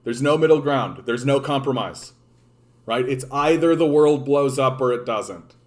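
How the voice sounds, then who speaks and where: A man's voice: medium pitch, measured pace. A Canadian man rants about politics with blunt passion. He stumbles into repeated words and leans on "like" again and again, restarting as his thoughts race ahead. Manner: stammering repeats and constant "like" fillers; blunt and impassioned. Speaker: political commentator. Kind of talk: ranting political commentary.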